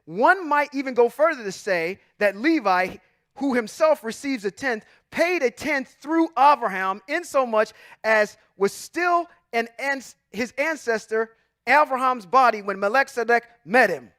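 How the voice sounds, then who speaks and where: High-voiced emphatic male bible teacher. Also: lively intonation, measured pace, no echo, studio quality. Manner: emphatic, preacherly, swings between loud and quiet asides. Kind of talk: sermon-style bible teaching.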